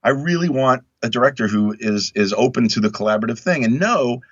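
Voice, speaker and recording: A man talking as a guest in a casual interview, emphatic and animated, acting out quotes in other voices. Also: medium pitch, fairly quick, dry recording. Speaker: actor guest. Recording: dull lo-fi dry sound.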